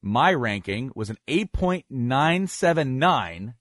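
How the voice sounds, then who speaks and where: A man's voice: mid-range voice, slow pace, no room sound, clean studio sound. Rambling man hosting a podcast. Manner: rambling, self-correcting, with bursts of excited laughter. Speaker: podcast host. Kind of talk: casual podcast chat.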